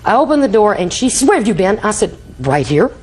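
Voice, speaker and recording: A woman's voice: medium pitch, big pitch swings, fast talker, a little mellow, slightly rough, low-quality recording. An older woman testifying in a TV courtroom, telling a rambling story and acting out quoted dialogue. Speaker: litigant.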